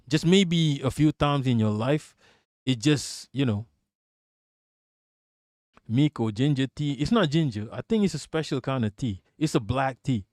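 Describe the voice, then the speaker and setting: A man from Malaysia hosting a livestream, telling stories in an animated, swearing, casual way. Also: medium pitch, dry recording, clean studio sound. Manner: animated, profane storytelling. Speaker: livestream host.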